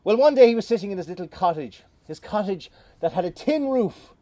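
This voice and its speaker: A middle-aged Irish man telling a folk tale in a lively, playful way with dramatic pauses, outdoors. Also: high voice, no room sound. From Ireland. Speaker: storyteller. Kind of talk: oral folk storytelling. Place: outdoors on a moor.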